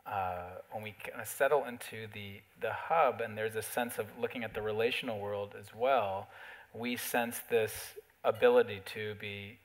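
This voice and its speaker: A man interviewing on a theater stage, framing his questions in a thoughtful, halting way. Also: lowish voice, fairly even intonation. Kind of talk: onstage conversation.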